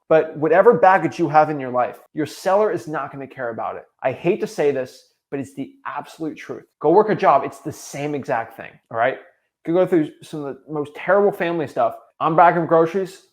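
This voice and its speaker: A young man coaching real estate wholesalers, delivering an emphatic, repetitive motivational talk. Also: a little high.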